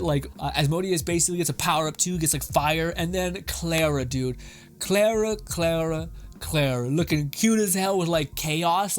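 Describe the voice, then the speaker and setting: A man hosting a casual anime reaction talk, animated and gushing, swearing often. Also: fairly high pitch. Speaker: anime commentary host.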